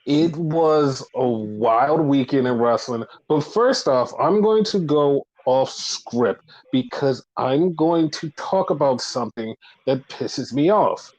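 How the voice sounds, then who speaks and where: A man's voice: medium pitch, expressive, slow pace, few pauses, a little mellow, low-quality recording. A man hosting a wrestling podcast, swearing freely as he goes on a heated rant in casual commentary. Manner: profane, heated ranting.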